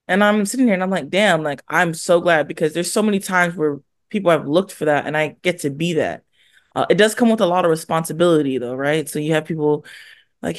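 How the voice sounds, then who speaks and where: Lively young woman telling stories in a dry studio. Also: low voice, a little fast, dry recording. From born in Hawaii, raised in California. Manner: animated storyteller, acts out quoted voices. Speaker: guest athlete. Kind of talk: casual interview chat.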